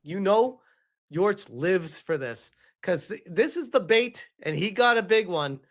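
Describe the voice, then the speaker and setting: A man's voice: sits high, animated, measured pace. A man commenting on a stream, dismissive and eye-rolling. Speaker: streamer in a played clip.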